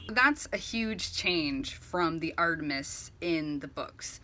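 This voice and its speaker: A woman's voice: low voice, slow pace, hardly any pauses, bright, forceful tone, slight background noise. A woman giving a casual, rambling commentary comparing a book series with its film, acting out lines in little voices. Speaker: video essay host.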